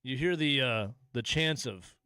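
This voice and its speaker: A man's voice: mid-range voice, lively intonation, bright, forceful tone, smooth, dry recording, clean studio sound. A man hosting call-in sports radio, mocking and sarcastic, stretching out his jokes. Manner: mocking, sarcastic, drawn-out asides. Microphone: studio microphone.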